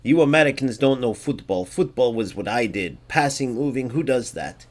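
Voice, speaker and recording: A man's voice: medium pitch, expressive, moderate pace, natural voice. A man voicing an imagined foreign male football gamer with a huffy, put-on accent, during gameplay commentary. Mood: scoffing.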